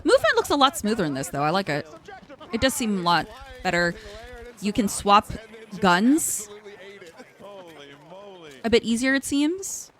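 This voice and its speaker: A woman's voice: mid-range voice, big pitch swings, measured pace, long pauses, fairly bright tone. A woman streamer giving chatty live reaction commentary, musing aloud about what she sees.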